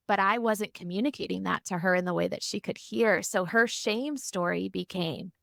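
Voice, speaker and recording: Animated gravelly woman therapist. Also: mid-range voice, moderate pace, few pauses, no echo, studio quality. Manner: animated storytelling, acts out quotes. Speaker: family and marriage therapist, guest. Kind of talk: podcast interview.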